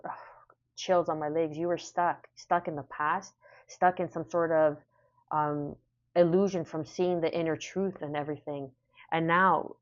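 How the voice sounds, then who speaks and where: Woman tarot reader, deep voice, soothing repeated affirmations, slightly muffled recording. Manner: repeats phrases, soothing and affirming, laughs to herself. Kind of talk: casual spoken tarot reading.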